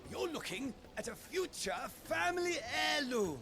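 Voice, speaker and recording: A high, sing-song street peddler. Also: male voice, sing-song, normal speed, full character voice. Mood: hawking. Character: eager male street peddler hawking wares. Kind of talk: video game voice acting.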